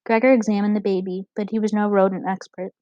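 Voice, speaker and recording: A woman narrating an audiobook chapter in a steady, expressive reading. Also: mid-range voice, fast talker, no echo. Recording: dull, dry lo-fi recording.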